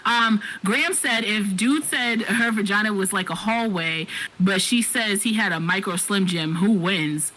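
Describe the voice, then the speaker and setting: A woman's voice: medium pitch, measured pace, bright, forceful tone, rough recording. A woman co-hosting a podcast, talking frankly and casually with lots of "like, you know" and reading out listener comments. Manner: frank, chatty, many fillers like "like, you know". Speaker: podcast co-host.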